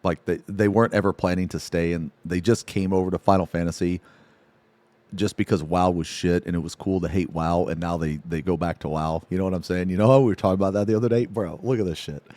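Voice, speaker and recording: A man's voice: low voice, fast, dry recording. A man streaming live, chatting casually and telling stories, swearing constantly and breaking into laughter. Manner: profane, laughing, animated storytelling.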